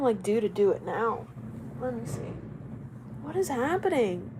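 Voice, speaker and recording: A young woman chatting loosely on a live stream in a rambling, animated way, with reactions to viewers' comments. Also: on the high side, a little hiss or hum, rough recording. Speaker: livestreamer. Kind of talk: casual live-stream chat.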